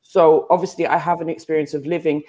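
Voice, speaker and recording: A woman's voice: low voice, flat delivery, fast talker, warm tone, a little hiss or hum. A woman from Ireland pushing back firmly in a live panel debate, with hesitant fillers when pressed.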